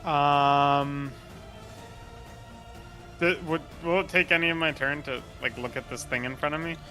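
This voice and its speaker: A man's voice: on the high side, steady tone, measured pace, sharp tone, faint music behind. A man playing a tabletop game, asking hesitant questions and joking casually. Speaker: player.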